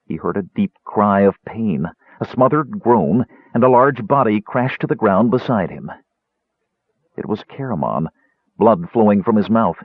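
A man reading a fantasy novel aloud in an expressive, dramatic narration. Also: on the low side, slightly rough, no echo. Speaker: audiobook narrator. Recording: tinny narrow-band dry recording.

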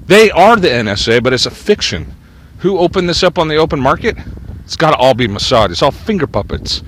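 A man's voice: medium pitch, a bit bright, a little hiss or hum. A man delivering a rambling, profanity-laden monologue that drifts from topic to topic in a ranting tone.

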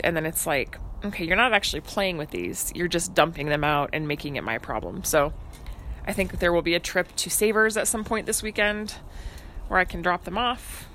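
A woman with a fairly low voice, chatting in a breezy, teasing way. She sits outdoors on a porch swing, with a faint wash of ambient noise. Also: a bit bright. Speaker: podcast co-host. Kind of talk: casual chat.

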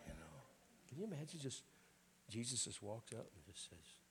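A man, a bishop, preaching a sermon at a church prayer night in a raspy voice with folksy jokes and frequent throat clearing. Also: mid-range voice, big pitch swings, normal speed, slight background noise. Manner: folksy, joking preacher talk.

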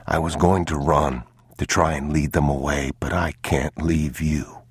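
A man whispering as a desperate hushed father. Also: rumbling low, fairly even intonation, breathy edge, no room sound, studio quality, exaggerated voice. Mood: urgent. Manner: hushed, urgent, very slow. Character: exhausted, desperate father, protective. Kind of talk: whispered role-play.

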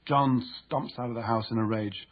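Male author narrating his own self-help audiobook, husky and measured, muffled recording. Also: mid-range voice, steady tone. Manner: measured, explanatory.

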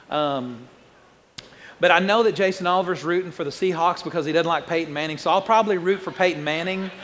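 A man preaching a sermon as pastor, fast-talking, joking and conversational, building up excitement as he explains scripture. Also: fairly high pitch, in a large hall.

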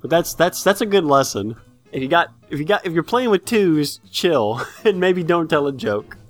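A man's voice: fairly high pitch, moderate pace, faint music behind. A man co-hosting a casual comedy podcast, telling a story with swearing and frequent laughs. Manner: animated, swearing, laughs often. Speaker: podcast co-host.

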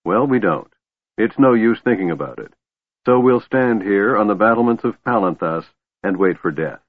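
A man's voice: lowish voice, lively intonation, moderate pace. A man voicing a weary, bitter young elf woman commander, sighing through her lines. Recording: tinny phone-like line, dry.

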